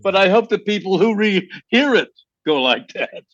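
A man's voice: high-pitched, expressive, normal speed, a bit bright, no room sound. A man, a guest songwriter, chatting in an interview, laughing often and speaking with emphasis. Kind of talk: casual interview chat. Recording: dull lo-fi, dry sound.

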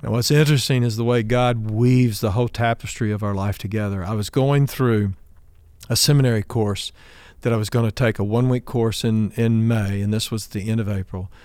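A man's voice: lowish voice, fairly even intonation, fairly quick, a little mellow, dry recording. A middle-aged man from Oklahoma preaching a sermon, telling a personal story and acting out the dialogue with a lifted voice for the quoted lines. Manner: acts out dialogue in his stories, raising his voice for the quoted lines. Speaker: pastor.

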